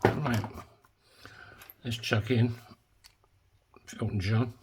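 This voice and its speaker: A man's voice: medium pitch, fairly even intonation, very slow, breathy edge. A man talking casually while making a coin ring in his workshop, full of joking, rambling asides. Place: home workshop.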